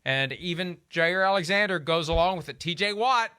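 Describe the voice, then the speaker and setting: Bright, crisp-voiced man breaking down numbers. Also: high voice, moderate pace, no echo, clean studio sound. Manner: detailed, explanatory, runs through contract numbers. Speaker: sports talk host. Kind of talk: casual sports analysis chat.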